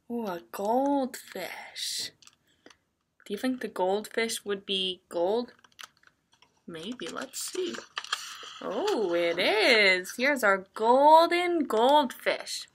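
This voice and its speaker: A woman's voice: fairly high pitch, expressive, slow pace, long pauses, sharp tone. A young woman librarian reading a picture book aloud to small children in a playful sing-song way, making animal sounds and singing.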